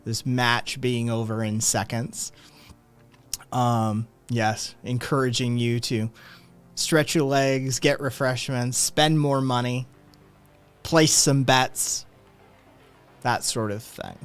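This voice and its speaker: A man's voice: mid-range voice, fairly even intonation, slow pace, pauses often, smooth. Man, game master, tabletop narration, casual, rambling, faint music. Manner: casual, rambling, filler-heavy.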